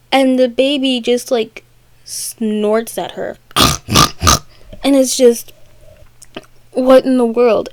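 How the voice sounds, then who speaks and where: A woman's voice: a little high, no echo. Chatty young-sounding woman retelling a story. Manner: chatty, rambling, puts on quick character voices. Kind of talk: casual retelling of a book.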